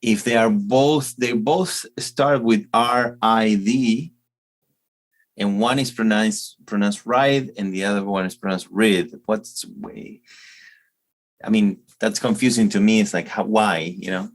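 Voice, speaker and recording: An Argentine-accented man with a lowish voice, a native Spanish speaker, asks about English in relaxed conversation. He builds each question by repeating and restating it, checking in with a quick "right?". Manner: inquisitive, repeats himself to frame questions. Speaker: co-host and English learner. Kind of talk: casual chat asking language questions.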